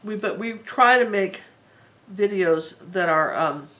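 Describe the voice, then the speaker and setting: A woman's voice: mid-range voice, animated, slow, rough recording. A woman teaching a live painting tutorial, talking in a chatty and rambling way as she works. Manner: chatty, rambling and warmly enthusiastic. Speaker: art teacher.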